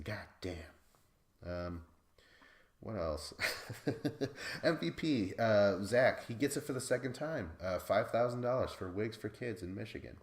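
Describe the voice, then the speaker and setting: A man with a low voice hosts a podcast recap, chatting casually and rambling along. He swears, pokes fun at himself, and laughs often, all in a reverberant space.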